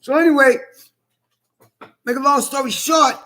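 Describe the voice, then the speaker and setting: A middle-aged man with a strikingly high, bright and forceful voice delivers a blunt, profane rant. He talks bluntly and keeps circling back to the same points. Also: steady tone, moderate pace. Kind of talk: ranting monologue.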